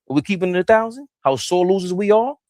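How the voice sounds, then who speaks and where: Animated sports-talk man, dry sound. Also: fast, no room sound. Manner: animated, laughs mid-sentence, swings between loud and low. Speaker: co-host.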